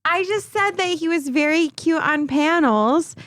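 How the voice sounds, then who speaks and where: A woman's voice: extremely high pitch, animated, unhurried, fairly bright tone, no echo, studio quality. A woman co-hosting a podcast in casual chat, teasing and bantering flirtatiously. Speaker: podcast co-host.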